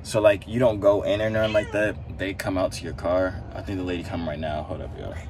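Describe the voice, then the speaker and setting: A young man, chatting casually and rambling on a video blog, and coaxing his cat in high tones. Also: steady tone, brisk, noisy background. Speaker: vlogger. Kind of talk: casual vlog chat. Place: at home, then in a car.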